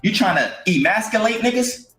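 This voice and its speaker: Scolding male commentator, high and animated, echoey room, faint music. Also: a little fast. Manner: scolding, blunt, street slang. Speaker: online commentator. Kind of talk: blunt commentary.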